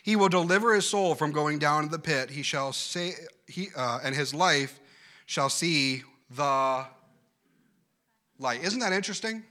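Male preacher, sermon delivery, high voice, bright and forceful, emphatic repetition. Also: animated, moderate pace, few pauses. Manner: emphatic, repeats phrases, swings from loud to hushed.

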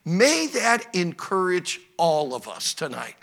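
A male pastor preaching and praying before a congregation, swinging between loud, insistent emphasis and hushed, intimate prayer. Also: high voice, big pitch swings, unhurried. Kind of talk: sermon with prayer. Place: church service.

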